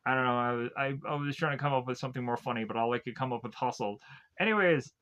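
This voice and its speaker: A man's voice: medium pitch, quick pace, a bit bright, smooth, muffled recording. A young man casually recapping a film scene by scene, rambling and joking, laughing at his own gags and slipping into silly voices for the characters. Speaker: movie reviewer. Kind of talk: casual comedic recap with goofy quoted asides.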